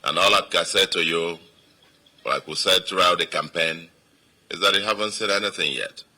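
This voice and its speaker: A man's voice: low-pitched, moderate pace, pushed and bright, breathy edge. A man with a Nigerian accent, a state governor giving an emphatic victory speech to supporters and repeating phrases for weight.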